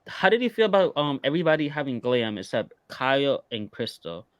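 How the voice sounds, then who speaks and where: A man chats casually as he recaps a reality TV episode with a co-host. He talks in a loose, unhurried way, full of ums and likes. The sound is close and dry, with no room echo. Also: medium pitch. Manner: relaxed, hesitant, many fillers. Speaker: podcast co-host.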